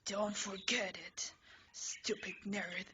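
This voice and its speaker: A woman voicing a furious, hot-tempered teenage boy student, speaking in a harsh hissed yell. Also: medium pitch, steady tone, takes it slowly, lightly acted. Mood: snarling. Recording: slightly muffled home recording with faint hiss.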